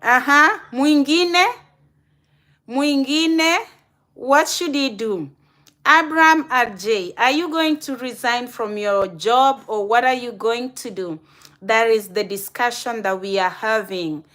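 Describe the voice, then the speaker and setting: A woman's voice: on the high side, measured pace, fairly bright tone. A woman with a Kenyan accent hosting a casual live stream, chatting and addressing viewers directly by name.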